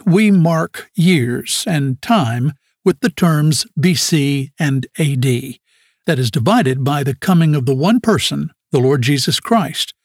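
A male announcer reading a scripted radio ministry promo in a smooth promotional manner. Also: a little high, darkish tone, dry recording, studio quality.

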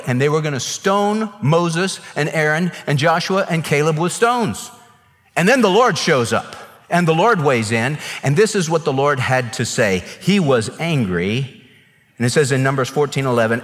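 A man's voice: fairly high pitch, lively intonation, moderate pace, a bit bright. A man preaching a sermon as a pastor, earnest and emphatic, acting out quotes in voices. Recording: long reverb of a large hall.

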